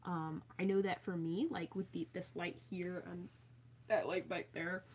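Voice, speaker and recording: A woman's voice: lowish voice, flat delivery, unhurried, darkish tone, slight background noise. Chatty young woman livestreaming from her bedroom. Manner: chatty and rambling, frequent filler words. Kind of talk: casual live-stream chat reading viewer comments.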